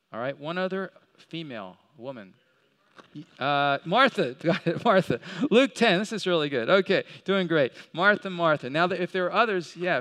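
A man's voice: fairly high pitch, a bit bright, clean tone. A man teaching a Bible lesson in a sermon style, talking in a conversational way, asking his listeners questions and acting out the lines he quotes.

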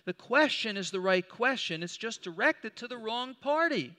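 High bright-voiced man teaching scripture. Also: animated, normal speed. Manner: conversational, asks rhetorical questions, restarts while looking up verses. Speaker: Bible teacher. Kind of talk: Bible study teaching. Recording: long hall reverb.

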